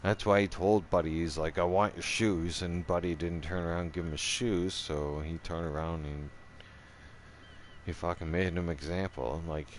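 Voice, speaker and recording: A man hosting his own channel, telling a rough story in casual chat. He swears a lot, rambles, restarts his sentences and keeps checking in with "right?". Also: deep voice, steady tone, normal speed, slight background noise.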